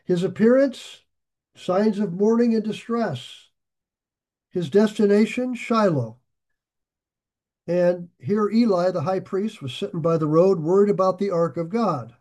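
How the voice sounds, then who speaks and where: A man teaching a verse-by-verse Bible study, reading scripture aloud and breaking into chatty asides. He gets excited easily and raises his voice. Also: high-pitched, a little slow.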